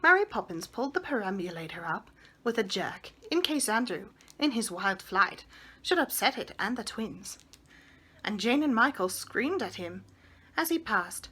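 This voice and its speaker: Bright expressive woman reading a storybook. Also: mid-range voice, moderate pace, slightly rough. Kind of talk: reading a children's book aloud.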